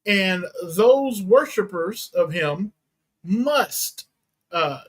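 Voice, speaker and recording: A pastor giving a teaching sermon, reading and explaining Bible verses in a deliberate way and unpacking Greek words. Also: male voice, high-pitched, expressive, slightly rough, poor audio. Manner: slow, deliberate Bible exposition with Greek terms.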